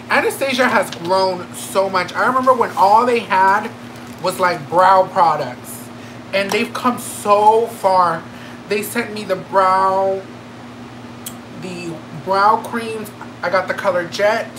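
A woman beauty vlogger talks through a makeup unboxing in a campy, excitable way, full of gasps, squeals and slangy asides. Her voice sits at an ordinary pitch for a woman. The home recording carries a clear layer of background noise. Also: low-quality recording. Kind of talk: casual makeup unboxing chat.

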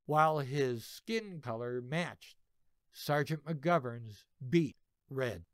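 A man in his seventies, a veteran narrating a personal army story in a slow, expressive way. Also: medium pitch, no room sound, studio quality. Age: 70s. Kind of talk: reading a personal war story.

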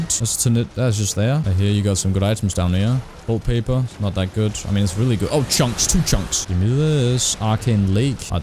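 Excitable young man, swearing game commentary. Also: on the low side, noisy background. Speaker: gaming streamer. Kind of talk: casual gameplay commentary.

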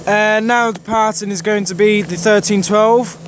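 A man's voice: high voice, steady tone, moderate pace. A man vlogging at a railway station, casually calling out arriving trains, services and unit numbers and correcting himself as he goes. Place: outdoors on a railway station platform. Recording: loud outdoor station noise.

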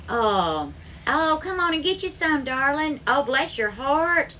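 High-pitched, bright and forceful, this woman speaks slowly but very animatedly, with a little hiss or hum in the audio. A Southern-accented Alabaman, she hosts a casual live cooking stream from her home kitchen, effusively welcoming viewers by name with bubbly sing-song greetings and calling them darling.

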